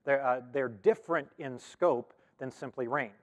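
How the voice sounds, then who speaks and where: A man's voice: mid-range voice, moderate pace. A man, a pastor, teaching a Bible study in a loose, conversational way, full of ums and self-corrections. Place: church hall. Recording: long reverb of a large hall.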